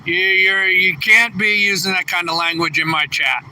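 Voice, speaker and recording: A tired trucker livestreaming outdoors, chatting casually and reading viewer comments aloud. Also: male voice, fairly even intonation, normal speed, pushed and bright. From New England. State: a little tired. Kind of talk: casual live stream chat. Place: outdoors at a truck distribution center. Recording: distant phone mic with faint traffic noise. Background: trucks rumbling.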